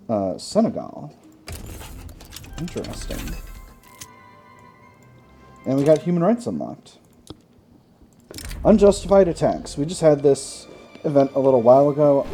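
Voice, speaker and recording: A man's voice: medium pitch, warm tone. A man hosting a gaming channel, chatting through a strategy game, thinking aloud with wry self-mocking asides.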